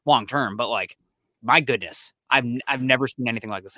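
A young man co-hosting a casual sports podcast, telling stories in a quick, excitable way. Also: mid-range voice, no echo, studio quality. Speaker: podcast co-host.

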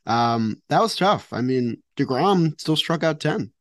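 A man's voice: on the high side, expressive, measured pace, no echo. Easygoing man with a dry sound. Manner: easygoing, wry asides. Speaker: podcast co-host. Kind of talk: casual sports chat.

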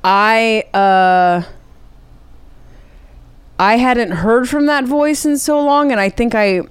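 A woman guest on a podcast speaking in a smooth, clear voice. She works through her ideas in a reflective, earnest way, searching for words. The sound is dry and close. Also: fairly high pitch, takes it slowly, dry recording. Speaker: guest, comedian. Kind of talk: casual chat.

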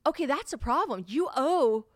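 A woman voicing her own patient mother, who calmly and gently scolds a grown daughter. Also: sits high, normal speed, no echo, clean studio sound, voice pushed up. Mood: gently scolding.

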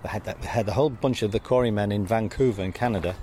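A man's voice: lowish voice, rapid-fire, dark tone, a little hiss or hum. An older English man telling wry anecdotes in a casual outdoor interview. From England. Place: outdoors by a church in a town.

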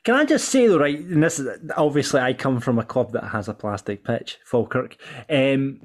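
A Scottish man hosting a casual football podcast, reading out listener comments in an animated, sweary way. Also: medium pitch, moderate pace. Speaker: podcast host. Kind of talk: casual chat.

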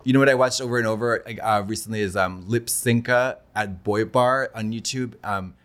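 A man co-hosting a podcast in casual chat, campy, with quick jokes and frequent laughs. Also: lowish voice, fairly bright tone. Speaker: podcast co-host.

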